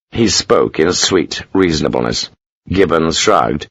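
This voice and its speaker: A man reading an audiobook in a measured, expressive narration. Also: sits low, no echo, low-quality recording. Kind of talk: scripted narration.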